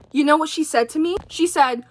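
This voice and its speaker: A woman vlogger in a casual, rambling monologue, animated and exasperated, full of fillers and tangents. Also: high-pitched, a little hiss or hum. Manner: chatty, goes off on tangents, many fillers.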